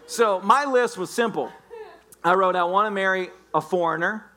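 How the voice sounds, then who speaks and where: A man's voice: high-pitched, normal speed, sharp tone. A man preaching a sermon as a pastor, joking and playfully telling stories to the congregation. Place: church sanctuary.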